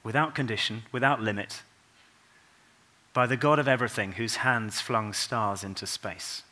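Bright-voiced man giving a sermon. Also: lowish voice, fairly even intonation. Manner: earnest, unhurried storytelling with soft, quiet passages. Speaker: preacher. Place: church.

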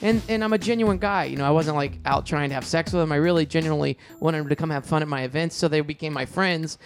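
A middle-aged man telling stories in a casual interview, animated and quick, acting out quoted lines in a raised voice. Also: fairly high pitch, vocal fry. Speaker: comedian and show producer, guest. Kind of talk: casual storytelling in a podcast interview.

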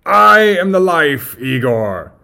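A grandiose mad doctor, as a podcast host puts him on, booming out lofty claims in a loud, drawn-out voice. He sounds theatrical and self-important, in a spoken sketch on a talk show. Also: big pitch swings, vocal fry, heavily acted.

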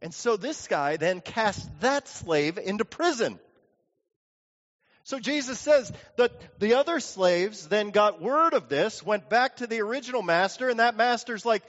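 A man's voice: high-pitched, expressive, a little slow, fairly bright tone. A man preaching a sermon in a church sanctuary, telling stories and acting out the people he quotes. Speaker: pastor. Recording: dull lo-fi audio with long hall reverb.

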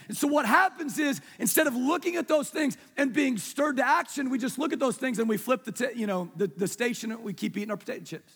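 Male pastor, high husky voice, chatty sermon style with questions to the room and hushed emphasis. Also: fairly quick, hardly any pauses. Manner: conversational preaching, asks the congregation questions, drops soft for emphasis. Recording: long reverb of a large hall.

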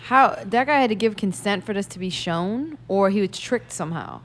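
Woman, mid-pitched, curious and questioning in casual chat. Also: lively intonation, moderate pace.

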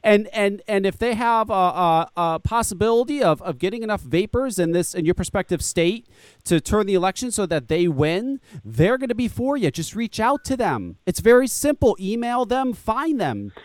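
A man's voice: high-pitched, big pitch swings, moderate pace, no room sound. A man co-hosting a talk show, emphatic and profane, repeating words as he pushes a point. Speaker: podcast co-host. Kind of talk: animated advocacy talk show chat.

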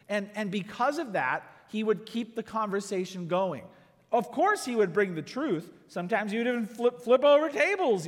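A pastor giving a conversational sermon, full of rhetorical questions and acted-out quotes. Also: male voice, sits high, long reverb tail.

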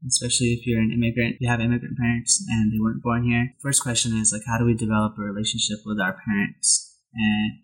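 Male host for a casual group talk: husky tone, even and level delivery, relaxed storyteller. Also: medium pitch, fast, hardly any pauses, poor audio. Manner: laughs easily, relaxed storytelling.

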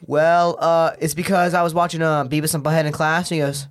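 A man's voice: on the high side, level tone, brisk. A young man, a teenager, telling a school story in casual podcast chat, slangy and profane. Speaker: podcast guest.

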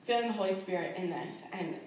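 A woman's voice: medium pitch, fast talker, a little mellow. Chatty woman giving testimony in an echoey church hall. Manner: chatty, with many fillers and laughs. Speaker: missionary sharing her calling. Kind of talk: personal testimony. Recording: very echoey room, far from the mic.

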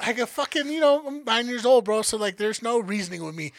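A man co-hosting a podcast, telling a story in a casual, profane, lively way. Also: very high voice, a little fast, gravelly, no echo. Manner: profane, animated storyteller acting out family members. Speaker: podcast co-host.

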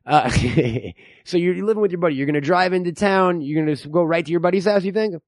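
A man hosting a radio comedy bit, crude and joking, talking fast with restarts. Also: high voice, dry recording, clean studio sound. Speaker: radio host. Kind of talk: improv comedy chat.

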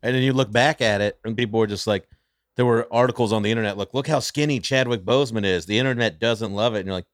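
A man's voice: on the low side, fast, no room sound, studio quality. A man talking as a comedian guest on a podcast in casual chat, laid-back with short agreeing replies.

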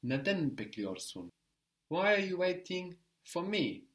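Male tutor, patient drill style, quick "good" after each answer. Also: high voice, sing-song, a bit bright. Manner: patient, prompting with short praise. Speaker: language teacher. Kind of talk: language lesson drills.

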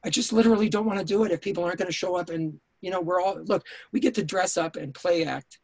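A man's voice: high voice, quick pace, no room sound. A man guest on an interview podcast, telling stories intensely, swearing and restarting his sentences, speaking over a remote call. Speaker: writer-director guest. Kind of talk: casual interview storytelling.

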